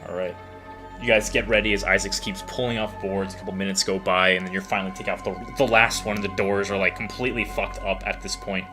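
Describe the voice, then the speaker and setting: A man's voice: sits low, steady tone, quick pace, music in the background. A man narrating a tabletop game as game master, rambling with lots of filler words. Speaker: dungeon master.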